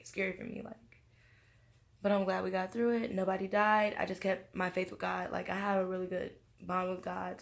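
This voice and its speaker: Tipsy young woman telling a story, gravelly. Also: lowish voice. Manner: animated, slangy storytelling with acted-out quotes. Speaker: vlogger. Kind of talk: casual storytime monologue.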